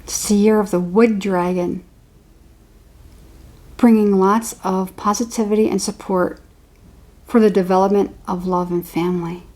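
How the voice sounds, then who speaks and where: A woman's voice: medium pitch, fairly even intonation, a little slow, long pauses, a little mellow. A woman giving an intuitive horoscope reading, rambling and repeating words as she channels impressions. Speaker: tarot reader.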